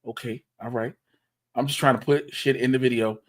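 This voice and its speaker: A man on a casual livestream who mutters to himself, half-narrating what he is doing on his computer. He talks in loose slang and swears often, and his pitch sits in a middle range for a man. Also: fairly even intonation, fairly quick. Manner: mumbling, talking to himself while fiddling with software. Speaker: stream host.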